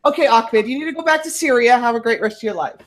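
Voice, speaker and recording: A woman's voice: a little high, fast. A woman in casual livestream banter, blunt and emphatic, repeating words to push her point.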